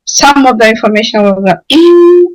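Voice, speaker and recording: Slow, hesitant woman thinking aloud. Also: medium pitch, no room sound, rough recording. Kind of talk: casual group discussion.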